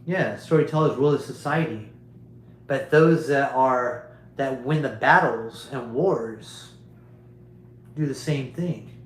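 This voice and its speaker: A man's voice: medium pitch, takes it slowly, roomy sound, slight background noise, poor audio. A man hosting a livestream, delivering a rambling, preachy monologue to his viewers and repeating his points emphatically. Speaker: livestream host.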